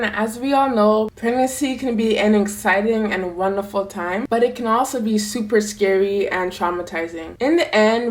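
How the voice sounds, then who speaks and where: A young woman vlogger telling a personal story to camera in a candid, conversational way. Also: medium pitch. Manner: candid, conversational, plain-spoken.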